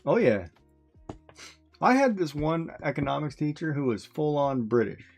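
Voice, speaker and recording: A man's voice: a little high, very animated, normal speed, faint music behind. A man in casual chat who tells stories, acts out voices and laughs often.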